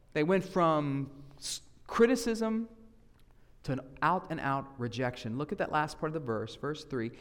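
A man with a Southern US accent preaching a sermon as a guest preacher, conversational and animated, acting out voices he quotes. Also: on the high side. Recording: echoey hall reverb.

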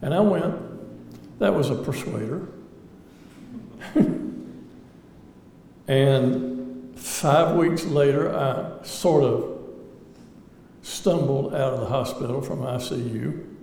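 A man speaks slowly in a mellow, creaky mid-range voice, leaving long pauses as he shares a heartfelt personal testimony before an audience in a large hall. He's a lay speaker, thoughtful with a dry sense of humor. The echoey recording has faint ambience plus a little hiss or hum.

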